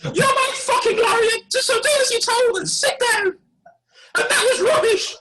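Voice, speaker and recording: A man voicing a bossy, foul-mouthed elderly queen in a high, shouting put-on voice over a video call. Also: measured pace, heavily acted. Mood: brash shouting.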